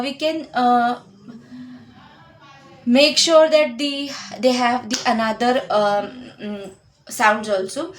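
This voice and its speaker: A young woman teaching a whiteboard phonics lesson. She repeats each sound slowly for learners and mixes in some Hindi. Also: on the high side, slight background noise. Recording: echoey room.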